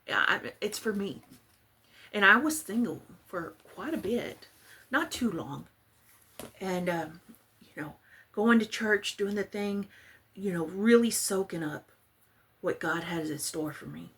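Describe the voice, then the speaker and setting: A woman's voice: mid-range voice, expressive, takes it slowly, pauses often, fairly bright tone, husky. A woman from Texas, chatting casually and rambling as she works on a craft project. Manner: chatty, rambling, self-deprecating. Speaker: crafting vlogger. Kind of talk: casual chat while crafting.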